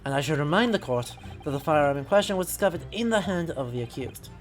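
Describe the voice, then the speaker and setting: Woman doing a pompous male prosecutor, low, measured, lively pitch swings. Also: soft background music. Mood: haughty. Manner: haughty and measured.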